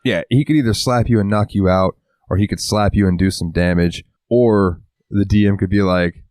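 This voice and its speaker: A man's voice: fairly low pitch, fairly even intonation, normal speed, darkish tone, no room sound. A man co-hosting a casual podcast, rambling and swearing freely, acting out little quotes as he talks. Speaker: podcast co-host. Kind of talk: casual chat.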